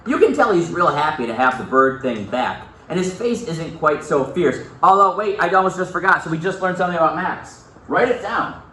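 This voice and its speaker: Lively male teacher in an echoey classroom. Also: a little high, fairly quick, few pauses. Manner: animated, repeats key points, asks the class questions. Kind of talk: reading a novel aloud to a class. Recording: echoey classroom, mic far off, faint noise.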